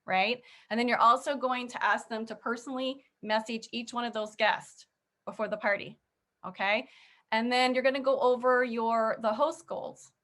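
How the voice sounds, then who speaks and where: A chatty woman coaching her sales team, with a voice pitched a little high. She talks in a relaxed, friendly way and keeps checking in with "okay?" and "right?". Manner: laughs easily. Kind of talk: casual training talk.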